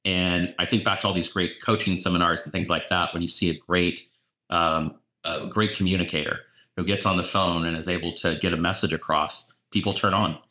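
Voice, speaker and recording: Man, deep and bright-toned, animated anecdote teller, echoey room sound. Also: brisk. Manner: animated anecdotes, repeats words. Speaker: real estate agent and coach. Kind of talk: casual storytelling.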